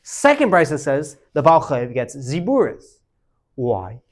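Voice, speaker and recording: A man teaching Talmud to a class, animated, calling on students by name and quizzing them. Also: on the high side, a little slow.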